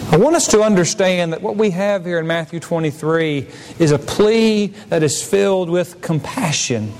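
High-voiced preacher in an echoing church. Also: male voice, moderate pace, darkish tone. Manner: earnest, repeats words as he builds a point. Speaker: pastor. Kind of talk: sermon. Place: church sanctuary. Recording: long reverb of a church hall with faint noise.

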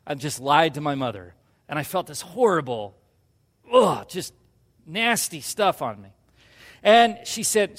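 High-voiced preacher in a reverberant hall. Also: male voice, big pitch swings, measured pace, long pauses. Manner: storytelling, acts out quotes in a hushed voice, swings to loud emphasis. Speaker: pastor. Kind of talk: sermon with personal story.

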